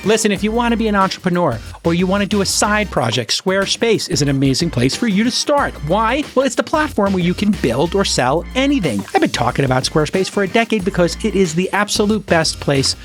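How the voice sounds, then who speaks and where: A man's voice: high voice, quick pace, hardly any pauses, soft background music. A man hosting a podcast, chatting casually and jokingly, then reading an upbeat ad. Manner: animated, jokey, salesy in ad reads. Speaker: podcast host. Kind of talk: casual chat and host-read ad.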